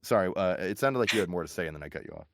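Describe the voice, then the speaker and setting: A man's voice: low-pitched, very fast, a little hiss or hum. A man from the United States, a voice actor guest chatting casually on a podcast, telling stories with lots of laughter. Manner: laughing, animated storyteller.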